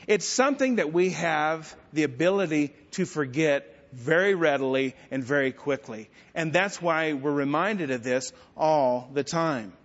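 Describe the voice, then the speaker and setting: A man's voice: a little high, measured pace, few pauses. A middle-aged male pastor preaching a sermon, telling stories with self-deprecating humor. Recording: dull sound with long church-hall reverb.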